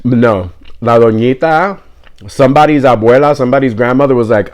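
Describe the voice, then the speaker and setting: Guy telling a story to the camera, jokey and animated, wanders off on tangents, throws in spanish words, medium voice. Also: mid-range voice, a little fast. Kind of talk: casual storytelling.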